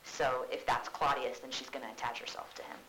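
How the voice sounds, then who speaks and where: A woman's voice: a bass voice, little pitch movement, brisk, a bit bright, a little hiss or hum. Teacher woman in an echoey classroom. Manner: paraphrases lines in casual modern speech. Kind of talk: classroom lesson.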